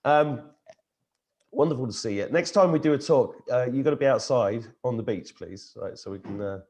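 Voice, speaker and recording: A middle-aged man hosting a casual chat over a video call, easygoing and unhurried. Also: medium pitch, a little mellow. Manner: easygoing, unhurried, lots of "you know". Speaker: host.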